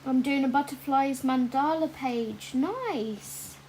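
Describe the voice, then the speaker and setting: Slow-talking chatty woman streaming. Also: high-pitched, a little mellow, a little hiss or hum, low-quality recording. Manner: chatty, many ums, reads viewer comments aloud. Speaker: livestream host colouring. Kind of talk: casual livestream chat.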